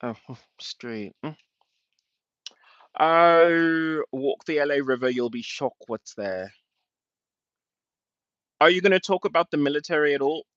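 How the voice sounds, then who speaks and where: A man's voice: fairly high pitch, measured pace, pauses often, fairly bright tone, no echo. A man on a livestream, answering chat in an emotional, rambling rant and swearing often. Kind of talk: rambling live-stream talk. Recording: dull lo-fi dry sound.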